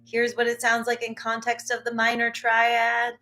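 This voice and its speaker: Her voice is on the high side, monotone and sharp, at normal speed, as she runs a live online ear-training lesson as a vocal coach. She often clears her phlegmy throat and drops into quick sung examples.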